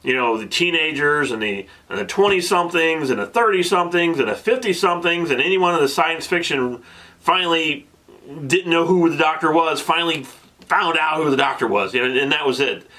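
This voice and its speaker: Guy in his 30s vlogging, excited storytelling, bright punchy voice, keeps restarting. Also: a little high, brisk. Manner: gets emotional. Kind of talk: casual storytelling vlog.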